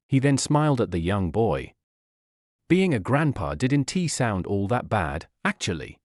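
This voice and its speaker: A man reading a fan-fiction story aloud as narrator, with a steady, plain delivery. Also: fairly low pitch, moderate pace, dry recording, clean studio sound.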